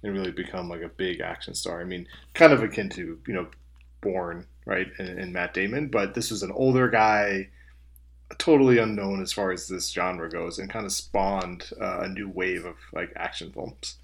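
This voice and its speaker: A man's voice: low-pitched, fairly even intonation, normal speed, creaky. A man co-hosting a casual podcast, teasing his partner in a playful way. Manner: playful, teasing, fond of big claims. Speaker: podcast co-host.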